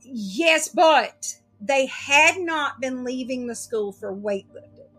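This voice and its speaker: A woman's voice: high-pitched, slow pace, soft background music. A woman telling a story in casual chat, acting out what everyone said. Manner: animated storytelling, acts out quoted dialogue.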